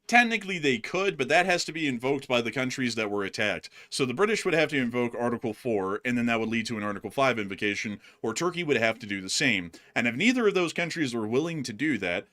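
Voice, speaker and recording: Fast, bright-voiced male co-host. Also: mid-range voice. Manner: quick, animated, laughs easily. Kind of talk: casual livestream chat.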